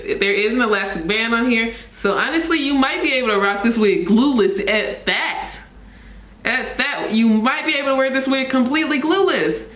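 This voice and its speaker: A young woman, excitedly unboxing and reviewing a wig, repeating herself and laughing often. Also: on the high side, echoey room. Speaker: beauty vlogger reviewing a wig.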